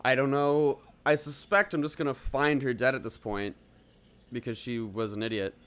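A man's voice: mid-range voice, steady tone, moderate pace, a bit bright, clean tone. A man hosting a let's play, giving reactive gameplay commentary and exclaiming at what happens in the game.

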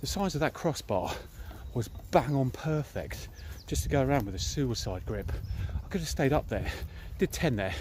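A man's voice: medium pitch, sing-song, moderate pace, few pauses, darkish tone, a little hiss or hum. A man in his thirties with a British accent chatting bluntly and casually to camera as a fitness vlogger, walking outdoors through a park. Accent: British English.

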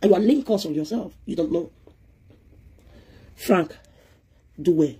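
A woman's voice: fairly low pitch, animated, measured pace, warm tone, slightly rough. A woman with a Nigerian Pidgin accent, giving a heated, scolding live-stream rant as a presenter, switching between pidgin and English.

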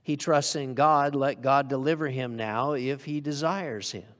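A man's voice: mid-range voice, fairly even intonation, a little slow, big-room sound. A man preaching a sermon to a congregation in a conversational way, often asking them questions. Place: church hall.

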